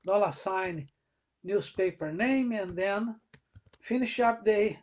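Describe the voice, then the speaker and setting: A man's voice: sits high, slow pace, darkish tone. A man, a professor giving a live coding lecture. He talks through the code step by step and keeps checking in with "né?" and "right?". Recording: dull lo-fi recording.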